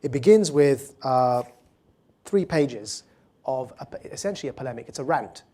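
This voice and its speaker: Fielding audience questions at a public talk, a male author and guest speaker replies in an earnest, fluent manner, restarting quickly at times. His mid-range voice is animated with a dark tone.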